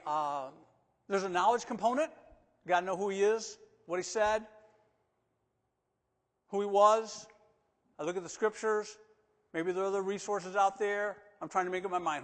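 A man preaching a sermon in a church, animated, swinging from loud emphatic lines to soft, coaxing asides. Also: high voice. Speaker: pastor. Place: church sanctuary. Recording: long reverb of a church hall.

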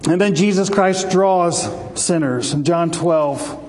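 A male preacher with a high voice delivers a passionate sermon and lifts his delivery when he quotes scripture. A long reverb trails each phrase, as in a large hall. A faint noise stays under the voice. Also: slow pace, darkish tone. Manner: passionate, rises for scripture quotes, some restarts.

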